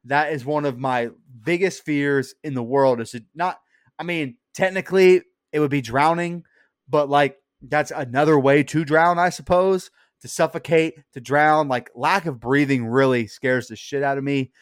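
A man co-hosting a podcast, reviewing a horror movie in casual chat, animated and swearing often. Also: on the high side, moderate pace, clean tone, no room sound, studio quality. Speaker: podcast co-host.

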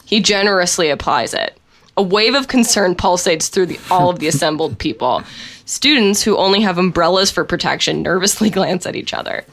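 A woman's voice: lowish voice, a little fast, fairly bright tone. A woman reading a written story aloud in a wry way, often breaking into laughs as she reads.

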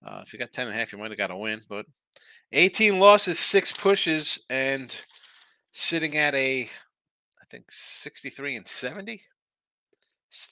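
A man's voice: medium pitch, pushed and bright, no room sound. A man hosting a casual sports betting picks show, talking in a rambling, trailing-off way while sleepy and yawning.

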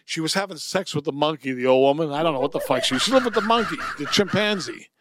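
A man's voice: a little high, lively intonation, fast, background noise. Blunt, profane man telling stories. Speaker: podcast host. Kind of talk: casual comedy chat.

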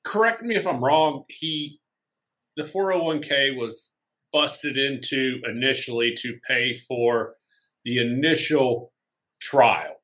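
A man's voice: medium pitch, slow pace, a bit bright. A young man speaking on a podcast panel in an offhand, conversational way. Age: young adult. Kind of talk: casual podcast chat.

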